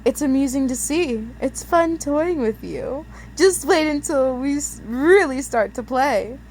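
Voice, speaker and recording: A giggly, cruel demon boy toys with his victim in a bright, high voice, as a woman reader puts him on. Her tone is mocking and playful. A faint hiss of noise sits behind her. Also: animated, unhurried, rough recording. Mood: taunting.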